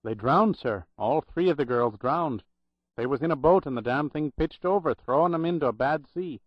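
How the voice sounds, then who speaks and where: A man voicing a talkative, wry elderly Irish hospital clerk with a loud brogue, on a dull, dry recording. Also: fairly high pitch, normal speed, dry recording, voice pushed up, close to an everyday voice. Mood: sardonic. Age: older. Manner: loud brogue, sardonic storytelling.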